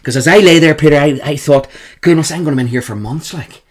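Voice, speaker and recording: A man with a Northern Irish accent, a guest telling emphatic, animated stories in an interview. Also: fairly high pitch, quick pace. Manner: animated, emphatic, repeats the host's name. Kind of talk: storytelling in an interview.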